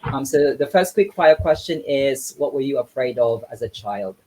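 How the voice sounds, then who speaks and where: Male interview host, hesitant, filler-heavy, mid pitch. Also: expressive, normal speed, background noise. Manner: hesitant, lots of ums. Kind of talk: interview questions.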